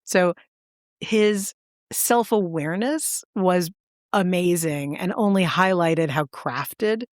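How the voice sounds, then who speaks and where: A woman with a lowish voice tells a story in casual chat, eager and animated. She jumps up in pitch to stress her words. The recording is dry and close. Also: takes it slowly, dry recording. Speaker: podcast co-host.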